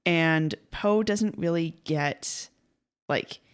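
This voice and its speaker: A woman's voice: low voice, extremely slow, clear, resonant tone. A young woman co-hosting a casual podcast, retelling a story in a chatty way, acting out quotes and laughing easily. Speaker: podcast co-host.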